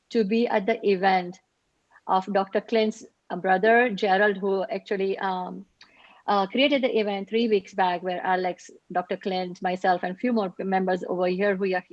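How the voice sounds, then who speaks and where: A woman's voice: mid-range voice, no room sound, lo-fi sound. A woman sharing a grateful, emotional healing testimony on a video call. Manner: heartfelt, grateful, gets emotional. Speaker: participant sharing a healing story.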